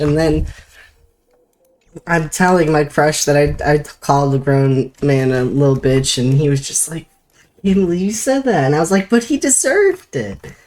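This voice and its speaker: A young woman streamer telling a work story in casual chat, animated, swearing casually and breaking into laughter. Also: sits low.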